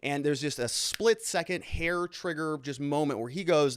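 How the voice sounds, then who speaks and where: A man's voice: a little high, normal speed, clear, resonant tone, no echo. Chatty male lawyer hosting commentary, dry sound. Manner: animated, self-interrupting, restarts often. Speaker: lawyer and show host. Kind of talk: casual legal commentary.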